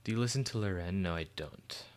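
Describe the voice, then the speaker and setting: Answering questions from chat, this livestream host chats in an eager, meandering way full of fillers. He has a low-sitting voice, speaks fairly quickly, and sounds clean.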